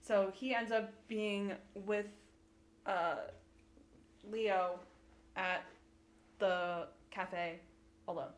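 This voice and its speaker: A woman's voice: medium pitch, steady tone, extremely slow, long pauses. A woman co-hosting a casual show recap, swearing a lot and retelling scenes in playful mock voices. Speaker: podcast co-host. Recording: echoey room with faint ambient noise.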